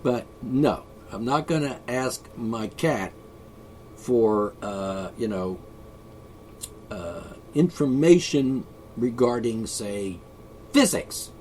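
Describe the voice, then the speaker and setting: A man's voice: medium pitch, animated, slow, darkish tone, slight background noise. A man vlogging an opinionated, rambling monologue, sarcastic and sighing often. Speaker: video blogger.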